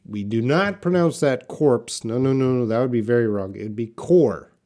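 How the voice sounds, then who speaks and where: This man's mid-range voice is animated yet a little mellow as he teaches English live. Patiently and at a slow pace, he takes viewer questions and responds with illustrative sentences.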